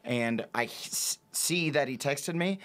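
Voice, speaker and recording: Excitable rambling male comedian guest. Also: mid-range voice, takes it slowly. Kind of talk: casual podcast chat.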